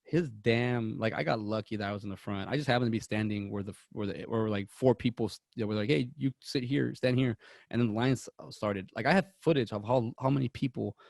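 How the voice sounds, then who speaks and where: Man, 30s, podcast co-host; gravelly, dry close mic, rambling storyteller. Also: fairly low pitch, fast talker, few pauses, a little mellow, no echo. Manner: rambling anecdotes with many restarts. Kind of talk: casual movie podcast chat.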